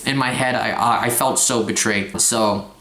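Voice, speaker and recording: A young man in a confessional vlog rant, talking in halting bursts with stumbling restarts and frequent swearing. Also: fairly low pitch, steady tone, bright, forceful tone, roomy sound. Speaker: vlogger. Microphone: phone.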